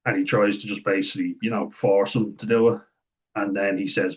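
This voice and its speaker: Deep-voiced man rambling through a review. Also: little pitch movement, a little fast, highs cut off. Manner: meandering, chatty retelling. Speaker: show reviewer. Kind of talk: casual spoken review.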